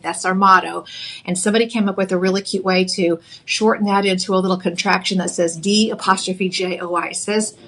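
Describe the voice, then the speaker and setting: A woman's voice: medium pitch, fairly bright tone, breathy edge. A woman with a Texan accent hosting a live jewelry shopping show, chatty and upbeat with casual fillers. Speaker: shopping channel jewelry host.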